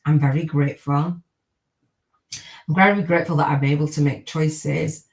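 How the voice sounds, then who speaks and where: A woman's voice: sits low, fairly even intonation, a little slow, rough recording. A middle-aged woman hosting a live-streamed podcast, chatting in an upbeat, rambling way and repeating gratitude affirmations. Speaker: podcast host.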